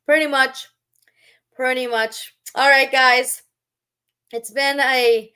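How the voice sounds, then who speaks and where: Bright, high-voiced sarcastic woman streamer. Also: flat delivery, takes it slowly, pauses often, smooth. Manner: sarcastic and mocking; scolding, lecturing. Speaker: live streamer. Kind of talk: live-stream commentary.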